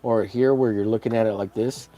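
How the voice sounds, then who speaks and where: A man's voice: lowish voice, fairly even intonation, a little fast, highs cut off. A man casually chatting on a livestream while coloring a comic, rambling with many fillers and laughing at his own jokes.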